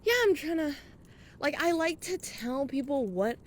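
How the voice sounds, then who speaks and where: A woman's voice: high-pitched, animated, unhurried. A young woman vlogging as she walks outdoors at night, talking in a casual, rambling way, swearing freely and a bit out of breath. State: out of breath from walking. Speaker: vlogger and podcaster. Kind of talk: rambling personal monologue.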